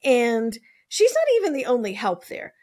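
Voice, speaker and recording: A woman's voice: fairly high pitch, big pitch swings, normal speed, a little mellow. A woman host telling a true-crime story in a casual, chatty way, full of "like" and wry asides, now and then swearing. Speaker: podcast host.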